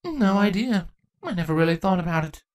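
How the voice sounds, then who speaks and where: A woman's voice: lowish voice, very animated, a little fast, darkish tone, voice pushed up. A woman voicing a laid-back, teasing young female changeling in a storybook reading. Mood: casual. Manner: casual, dry, teasing.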